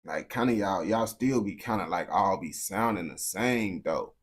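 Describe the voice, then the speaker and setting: A man's voice: low-pitched, normal speed. A young American man streaming to his chat, talking bluntly in heavy slang, often restarting and repeating words. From United States. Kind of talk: casual unscripted rant to viewers.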